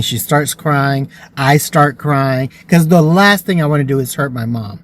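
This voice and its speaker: A man's voice: mid-range voice, unhurried, hardly any pauses. Earnest man telling a personal story. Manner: earnest and emotional. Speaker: vlogger.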